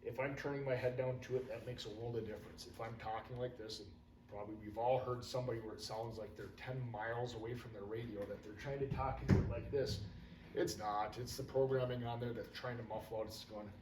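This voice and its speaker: Teaching firefighters to use their radios in a hands-on way, a man keeps things casual and folksy, often drifting into stories. His medium-pitched, darkish voice is brisk with fairly even intonation, recorded distant and roomy with faint hum.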